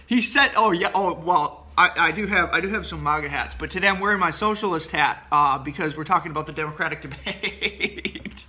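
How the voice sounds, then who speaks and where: High, sharp-voiced rambling man. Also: brisk. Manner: rambling, many fillers and restarts; blunt, opinionated, laughs at his own jokes. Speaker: professor. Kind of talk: casual political commentary to a class.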